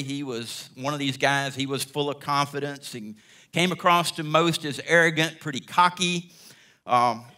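A middle-aged guest preacher tells a personal story from the pulpit in sermon form, acting out each person's lines as an animated storyteller. His mid-range voice sounds bright and ringing.

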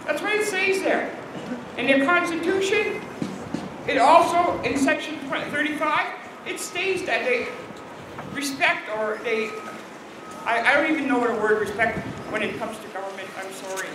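A woman from Alberta, Canada, who is a First Nation leader, delivers an emphatic, indignant speech at a cold-weather outdoor rally. Her voice is high-pitched and moderately paced, and the recording sounds echoey and distant, with noisy crowd ambience around it.

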